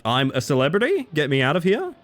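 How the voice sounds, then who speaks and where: A man's voice: a little high, wildly swooping pitch, fast, a bit bright. An Australian man chatting casually and swearing while streaming a game. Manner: chatty, swears, chants silly words while playing. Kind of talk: casual live-stream gaming commentary.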